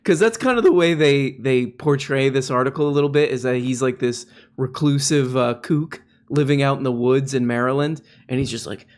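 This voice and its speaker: A man with a medium-pitched voice gives loose, sarcastic commentary. He mocks his subject and keeps a casual, offhand delivery. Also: normal speed, hardly any pauses. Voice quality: sarcastic, mocking, drops into mock voices. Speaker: political commentator.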